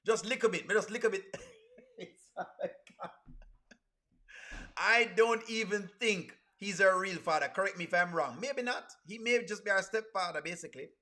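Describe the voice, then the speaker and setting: A man's voice: high voice, normal speed, bright, forceful tone. A man hosting a casual livestream, reacting to clips and reading chat aloud with a playful manner and frequent laughter. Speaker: reaction streamer.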